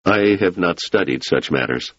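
A man's voice: low voice, expressive, moderate pace, a bit bright, no room sound, highs cut off. A man reading the part of a cautious, reluctant male scholar who talks in a guarded, dry way.

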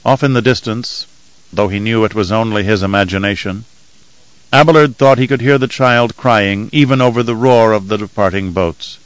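A man narrating an audiobook in a steady, measured storytelling manner. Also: lowish voice, smooth, dry recording, rough recording. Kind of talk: scripted narration.

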